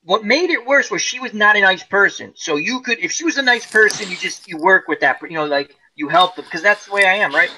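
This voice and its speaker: A man's voice: high-pitched, brisk, few pauses, low-quality recording. A middle-aged man hosting a casual group chat, animatedly telling stories and acting out the people in them. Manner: animated storyteller, acts out quoted people. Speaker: host.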